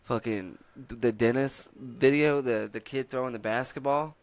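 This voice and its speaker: A man's voice: mid-range voice, steady tone, normal speed, no room sound. A Texan man hosting a casual comedy podcast, rambling and swearing as he breaks down viral videos. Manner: profane, rambling storyteller. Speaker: podcast host.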